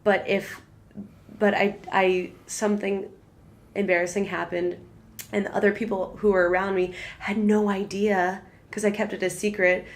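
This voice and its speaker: Twentysomething girl chatting candidly on a podcast, lots of likes, mid-pitched voice. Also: little pitch movement, moderate pace. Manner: candid, chatty, filler-heavy. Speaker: podcast guest. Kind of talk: casual chat.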